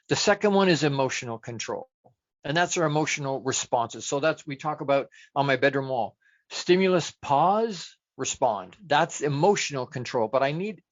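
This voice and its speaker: A man's voice: medium pitch, dry recording. Dull lo-fi recording of a chatty male coach. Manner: asks rhetorical questions and answers them himself; chatty and self-deprecating. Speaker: life coach. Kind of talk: motivational talk.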